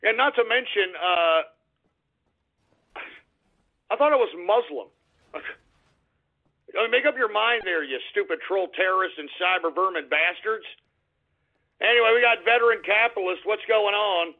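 A Texan man hosting a call-in internet radio show, ranting abrasively, cursing and yelling at trolls. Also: high voice, a little slow, pauses often. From Texas. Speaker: radio talk show host. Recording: tinny phone-like internet radio audio.

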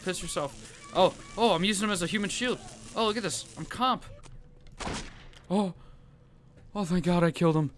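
A man giving gameplay commentary, panicking and pleading in fast repeated bursts. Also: on the high side, noisy background. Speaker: gaming YouTuber.

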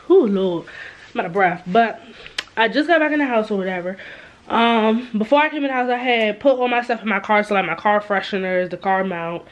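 A woman's voice: mid-range voice, fairly quick. A woman in her twenties, chatting casually to her camera as a vlogger, full of fillers and asides to viewers, first in a store and then in her bedroom. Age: 20s. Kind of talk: casual vlog chat to camera. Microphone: camera held or set up by herself.

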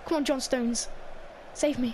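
A young woman playing a football video game against a friend, trash-talking with cocky, excitable banter and frequent stammered restarts. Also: high-pitched, a little slow, crowd noise. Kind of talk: casual gaming chat.

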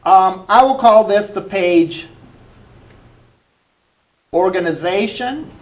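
A male college instructor with a high voice lectures slowly in a classroom, keeping it conversational by asking the class questions and repeating students' answers.

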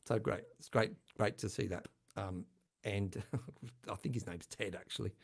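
Older guy chatting on a livestream, gravelly voice, jokes at his own expense, laughs a lot. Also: on the low side, fairly even intonation, normal speed. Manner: chatty, self-deprecating, laughs often. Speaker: channel host. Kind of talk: casual livestream chat.

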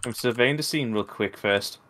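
A man's voice: mid-range voice, moderate pace, fairly bright tone. A man co-playing on a game stream, goofing around and teasing the characters he meets. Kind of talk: casual gaming stream chat.

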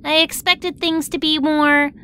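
A woman voicing a cheerful, curious young heroine in a cartoon, lively and a little wry. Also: high-pitched, a little slow, a little hiss or hum. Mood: upbeat. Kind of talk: cartoon voice acting.

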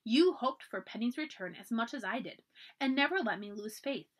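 Reading a children's chapter book out loud at a normal speed, a library storyteller keeps her voice animated and expressive. She lets her pitch climb and fall freely as she narrates.

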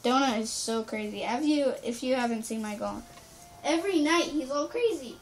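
A woman's voice: high voice, animated, moderate pace, soft background music. A young woman giving chatty, rambling let's-play commentary, full of "like". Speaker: gamer.

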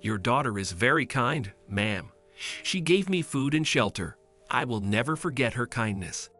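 Man playing a humble old homeless man, polite, grateful, lively pitch. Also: moderate pace, soft background music.

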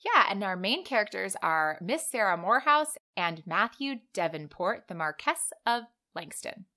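Bright-voiced chatty woman co-host. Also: mid-range voice, sing-song, normal speed. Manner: chatty, laughs easily. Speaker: podcast co-host. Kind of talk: casual chat.

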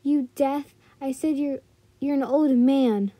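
A woman's voice: high-pitched, steady tone, takes it slowly, warm tone, no room sound. A woman voicing a sassy, pouty little girl who talks in a bratty, bouncy way.

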